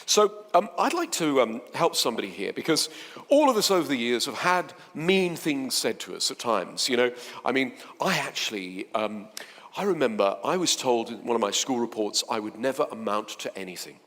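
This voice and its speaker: Man speaking lively in a big hall. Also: medium pitch, normal speed. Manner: chatty, animated, playful, swings between soft and loud. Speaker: motivational speaker. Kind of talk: live seminar talk to an audience.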